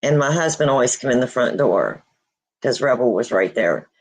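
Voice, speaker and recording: A woman hosting a casual livestream, grieving and near tears, speaking haltingly with many pauses and restarts. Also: extremely low pitch, lively intonation, darkish tone, slightly rough, rough recording. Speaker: host of a paranormal channel.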